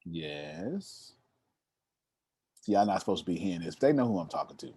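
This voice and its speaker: Animated man telling stories to a crowd. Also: low-pitched, racing, breathy edge, no room sound, clean studio sound. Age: 30s. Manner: animated, addresses the listeners directly and teases them. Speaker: motivational speaker. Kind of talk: storytelling talk to an audience.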